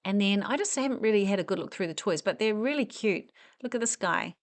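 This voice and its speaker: A woman's voice: medium pitch, animated, a little fast. A woman chatting enthusiastically as she walks through a large furniture store, full of rambling asides. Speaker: home decor vlogger. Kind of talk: casual walk-through chat.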